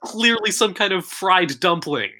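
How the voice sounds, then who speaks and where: A woman from the Philippines co-hosting a podcast, chatting casually with animated, sarcastic asides. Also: fairly low pitch, a little slow. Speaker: podcast co-host. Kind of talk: casual chat.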